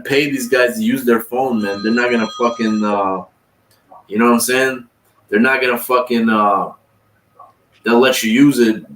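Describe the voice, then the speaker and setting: A man's voice: medium pitch, a bit bright. A man telling long, profane, rambling stories on a livestream and acting out what other people said. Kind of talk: casual storytelling. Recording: echoey room, far from the mic.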